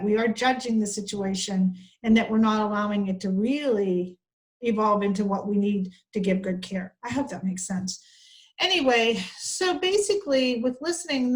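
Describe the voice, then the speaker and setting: A woman's voice: fairly high pitch, poor audio. A woman giving an online training lecture on care communication, talking conversationally and acting out short example dialogues.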